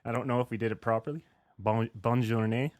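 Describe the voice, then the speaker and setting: A man's voice: mid-range voice, steady tone, brisk, darkish tone. A man hosting a casual podcast chat who laughs often and swears casually. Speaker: podcast host.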